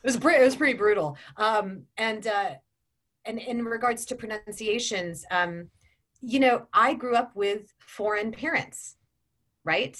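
A woman in her forties who works as an audiobook narrator and voice actor chats casually in an interview, full of ums and restarts. Her voice is a little high and fairly bright, and she speaks a little slowly.

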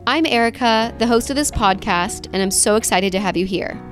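A woman's voice: on the high side, fairly quick, faint music behind. A woman in her twenties hosting a podcast, bubbly and enthusiastic, reading her intro and chatting with her guest. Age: 20s. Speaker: podcast host. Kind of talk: scripted intro, then casual interview chat.

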